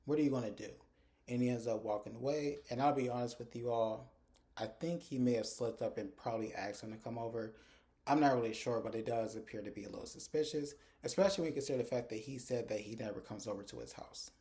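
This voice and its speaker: Talking into his phone camera, a man gives a chatty, casual recap of a TV episode, retelling scenes by quoting the characters. He has a warm, medium-pitched voice and talks at a quick pace.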